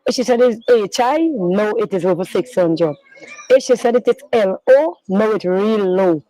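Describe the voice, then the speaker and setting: A middle-aged woman, a grieving mother, telling her story in an interview in a halting, rambling way, repeating herself and using non-standard grammar. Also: medium pitch, lively intonation, mellow, no room sound, rough recording. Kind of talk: emotional personal recounting in an interview.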